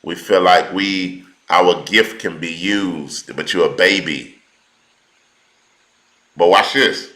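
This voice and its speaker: Slow, deliberate male preacher in an echoey room. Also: low-pitched, bright, forceful tone. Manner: slow, deliberate, repeats key words for emphasis; informal colloquial speech. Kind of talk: sermon teaching.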